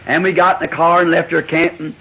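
A preacher with a husky, slightly raised voice spins a rambling, homespun tale from the pulpit and chuckles along the way. The sound is muffled and lo-fi, like an old tape of a sermon. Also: male voice, a little high, level tone, a little fast. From Southern United States. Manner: folksy, rambling anecdote with frequent chuckles. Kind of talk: sermon storytelling.

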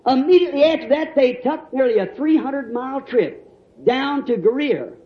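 A man preaching a sermon in a folksy storytelling way, laughing and rising to shouts. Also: very high voice, expressive, moderate pace. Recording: dull, roomy old church recording.

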